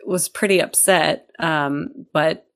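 A young adult woman co-hosting a podcast in casual chat, animated and quick to act out quotes, talking over a video call. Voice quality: animated, acts out quotes with big pitch jumps. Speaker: podcast co-host. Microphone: remote video call.

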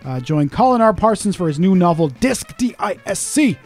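A man's voice: high voice, sing-song, moderate pace, darkish tone, faint music behind. A man co-hosting a podcast, telling a grumpy, profane story while in pain. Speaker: podcast co-host. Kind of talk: casual podcast chat.

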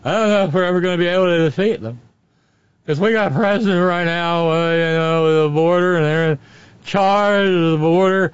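A man's voice: sits high, fairly quick, clear, resonant tone, no room sound, voice pushed up, close to an everyday voice. A man putting on a slurring, rambling woman TV pundit who stumbles over words in outrage, on slightly muffled audio. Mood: outraged.

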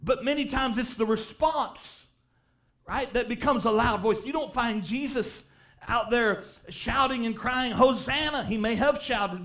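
A man with a remarkably high voice preaches at a church revival, reading scripture in old-fashioned language. His fervor grows steadily until he's shouting the most important lines.

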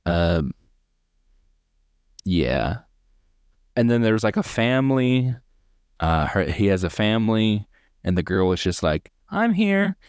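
A man's voice: lowish voice, animated, unhurried, pauses often, darkish tone, clear, resonant tone, dry recording, clean studio sound. A man co-hosting a podcast, chatting casually and sarcastically about a movie he found goofy, rambling with fillers and mocking the characters. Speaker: podcast co-host. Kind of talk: casual movie review chat.

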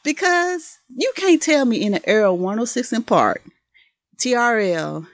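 Animated Southern woman podcast host. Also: fairly high pitch, moderate pace, no echo. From Mississippi, US South. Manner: animated, laughs often, enthusiastic. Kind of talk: casual podcast chat.

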